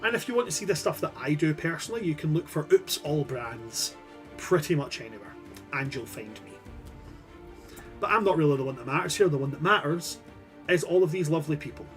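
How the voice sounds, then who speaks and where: A man's voice: on the high side, a little fast, fairly bright tone, faint music behind. A man narrating as game master in a loose, rambling way, with casual swearing.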